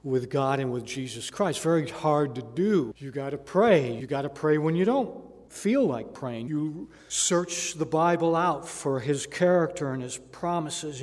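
A man's voice: fairly high pitch, a little mellow. Earnest male preacher in an echoing hall. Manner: earnest, emphatic, rising in intensity on key phrases. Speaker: pastor. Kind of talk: sermon. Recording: echoey hall with long reverb.

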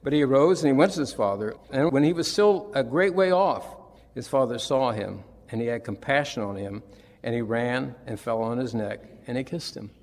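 Male preacher, gravelly voice, emphatic sermon delivery, long hall reverb. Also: medium pitch, lively intonation, normal speed, a little mellow. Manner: retells scripture with emphatic, rising and falling delivery.

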